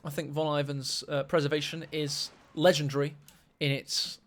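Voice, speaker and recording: A man casting a strategy game match, excitable and quick to gasp at big plays. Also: a little high. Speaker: esports caster. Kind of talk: live game commentary.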